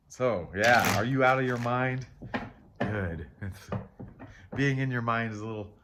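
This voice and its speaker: Low-voiced man musing over tarot. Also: heavy background noise. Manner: rambling and reflective, trailing off and questioning himself; candid and self-deprecating, with soft laughs. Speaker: tarot reader and channel host. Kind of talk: casual spiritual chat while reading tarot.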